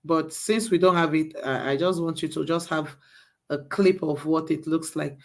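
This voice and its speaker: A woman's voice: deep voice, moderate pace. A woman leading a live class, walking students through each step and repeating herself to coax them along. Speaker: bootcamp instructor.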